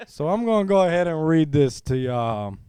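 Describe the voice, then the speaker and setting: A man's voice: on the high side, very animated, normal speed, dark tone, smooth, no echo. A man putting on a famous basketball commentator's voice to read erotica aloud in a hammy way. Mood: mock-serious. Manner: hammy mock-serious reading.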